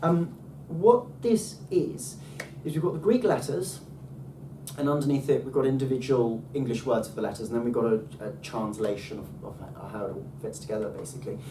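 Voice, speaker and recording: A man teaching a casual language lesson with enthusiasm, often pausing on ums and restarting his sentences. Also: medium pitch. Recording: roomy, distant mic, faint background noise.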